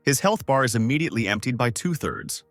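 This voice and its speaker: Man, animated story narrator, recap narration, dry close sound, faint music behind. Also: fast talker, no room sound. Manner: lively, voices characters with higher pitch.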